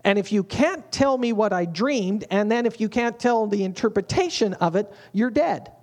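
Preacher doing a demanding ancient king, threatening, bossy, high voice. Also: expressive, moderate pace, darkish tone.

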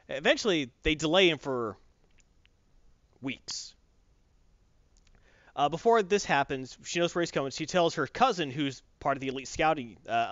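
A man's voice: on the high side, no echo. A man casually retelling a story, acting out the characters' lines as he goes, on a dry lo-fi recording. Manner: animated, acts out characters' lines in quick voices. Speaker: storyteller recapping a show. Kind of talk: casual retelling with acted quotes.

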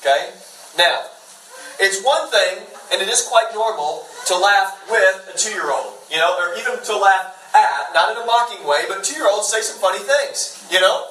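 Bright, high-voiced pastor preaching casually. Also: male voice, animated, normal speed, a little hiss or hum. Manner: conversational and joking, with lots of asides. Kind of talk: sermon. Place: church sanctuary. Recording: echoey room, mic at a distance, faint ambience.

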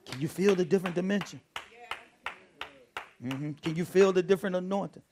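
A man preaching a prayer sermon as pastor, repeating phrases and swinging from soft murmurs to loud shouts. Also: high-pitched, noisy background. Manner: repeats phrases, drawn-out emphatic delivery.

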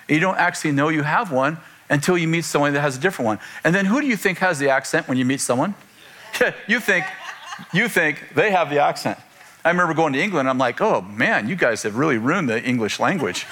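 An older pastor with a somewhat high-set voice, preaching to his church congregation. He keeps the sermon conversational, slipping in joking asides and chuckles. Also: a bit bright, a little hiss or hum.

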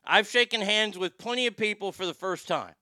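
A male host rants through profane, sarcastic commentary with plenty of heat. His voice is fairly high for a man, bright and crisp, and it sounds dry and close to the mic. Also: a little fast, dry recording. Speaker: show host. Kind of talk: ranting commentary.

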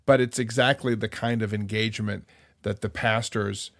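A man co-hosting a casual podcast discussion, speaking thoughtfully with some halting repeats. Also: on the low side, steady tone, a bit bright, no echo, studio quality.

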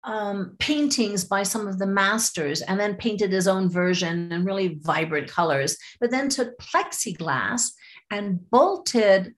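Lively woman guest telling stories. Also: medium pitch, takes it slowly. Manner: lively, acts out voices, frequent restarts. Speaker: storyteller guest. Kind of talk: podcast interview, telling a fable.

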